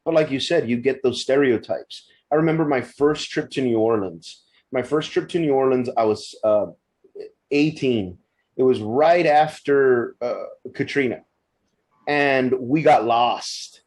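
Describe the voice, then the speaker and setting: A man in his thirties of Mexican-American background, telling stories in a casual podcast chat, animated and stumbling over his words. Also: medium pitch, measured pace. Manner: animated storyteller, frequent restarts and stumbles.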